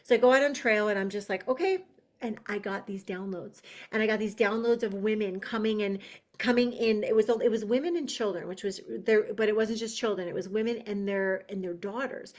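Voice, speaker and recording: A woman's voice: mid-range voice, steady tone, fairly quick, darkish tone. A woman guest on a podcast telling a personal spiritual story in an earnest, emotional way, often restarting her sentences.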